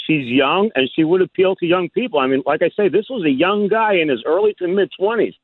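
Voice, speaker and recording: A man's voice: high-pitched, lively intonation, brisk, no room sound. A man calling a radio talk show, telling a story in a chatty way. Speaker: caller. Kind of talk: phone-in chat. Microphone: phone. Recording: tinny phone line.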